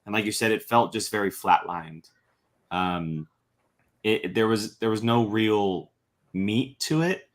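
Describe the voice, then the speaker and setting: An earnest man guesting on a podcast, feeling his way through his thoughts with pauses and restarts. His voice sits a little lower than most men's. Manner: hesitant, with many fillers and restarts, earnest. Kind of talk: casual review chat.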